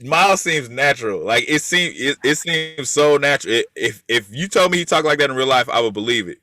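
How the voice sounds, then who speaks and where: A man's voice: mid-range voice, lively intonation, a little fast, bright, forceful tone, no room sound, clean studio sound. A man co-hosting a casual TV show chat, emphatic and repeating himself to drive his points. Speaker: podcast co-host.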